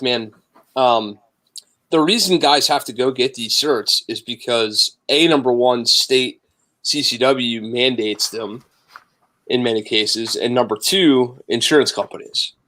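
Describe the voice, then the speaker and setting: A man's voice: medium pitch, unhurried, pushed and bright. A man hosting a casual podcast, talking bluntly and emphatically, with plenty of swearing. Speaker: podcast host.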